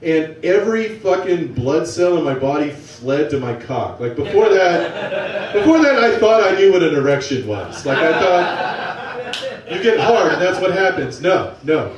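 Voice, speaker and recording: A young man telling a profane, excitable, self-mocking story on stage to a live audience. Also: high-pitched, measured pace, dull audio. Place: small venue with a live audience. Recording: roomy, from a distance.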